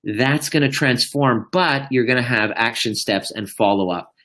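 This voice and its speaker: A man coaching live on a stream, talking in an animated, profane way that swings between loud and hushed. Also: medium pitch, moderate pace. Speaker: life coach. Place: indoors, live video.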